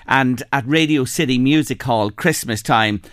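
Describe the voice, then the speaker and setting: A man's voice: medium pitch, moderate pace, no room sound, clean studio sound. Chatty Irish man hosting radio. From Ireland. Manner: chatty storyteller, animated. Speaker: radio host. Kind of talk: casual radio chat.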